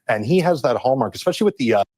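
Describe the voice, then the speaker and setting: Male doctor guest, mid pitch, brisk clinical rundown, dry sound. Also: lively intonation, a little mellow, no echo. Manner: matter-of-fact, rapid clinical terms. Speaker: medical expert guest. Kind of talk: clinical explanation in an interview.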